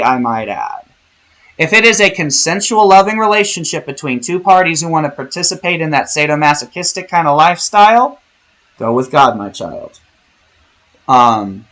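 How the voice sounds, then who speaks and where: A man's voice: fairly high pitch, a bit bright, low-quality recording. Rambling, theatrical male vlogger. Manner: rambling, profane, theatrical, jokey. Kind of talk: casual spiritual monologue.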